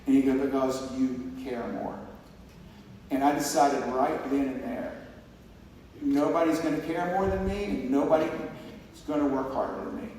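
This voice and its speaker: The speaker is a man accepting an award, speaking from a large hall's stage with heartfelt rambling, frequent restarts and quoted exchanges. His voice is medium-pitched and mellow at a normal speed, picked up from a distance amid echo and slight background noise.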